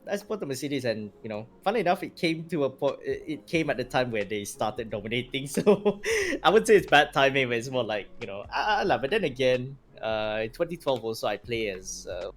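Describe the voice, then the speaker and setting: A man's voice: mid-range voice, a little fast, hardly any pauses. A young man, chatting casually on a podcast, rambling with lots of fillers and laughs. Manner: rambling, animated, laughs often, filler-heavy. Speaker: guest streamer.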